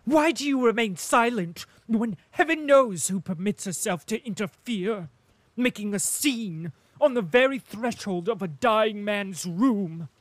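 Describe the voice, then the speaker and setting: A man's voice: mid-range voice, takes it slowly, vocal fry, no echo. A man putting on a shrieking, spiteful princess. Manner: shrieking, hissing, venomous. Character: shrill, spiteful noblewoman, the eldest princess. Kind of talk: audiobook character reading.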